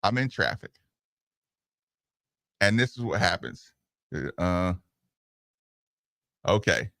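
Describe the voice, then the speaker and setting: A man hosting a casual radio talk show, telling animated, rambling stories and slipping into other people's voices. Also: low-pitched, slow pace, gravelly, dry recording.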